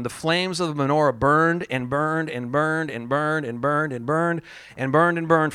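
A man's voice: mid-range voice, a bit bright, smooth, no echo, clean studio sound. A man preaching a sermon, calling out for the congregation to repeat after him, laughing often and telling stories with animation. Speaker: pastor.

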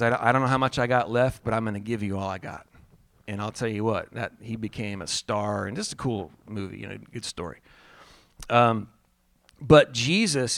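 A man's voice: medium pitch, a bit bright, dry recording, studio quality. A man preaching a sermon, calling out for the congregation to repeat after him, laughing often and telling stories with animation. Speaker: pastor.

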